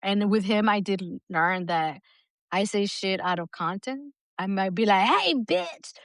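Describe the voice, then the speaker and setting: A woman's voice: medium pitch, a little slow, no echo. A middle-aged woman co-hosting a podcast in casual chat, talking bluntly with plenty of swearing and frequent laughter. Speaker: podcast co-host.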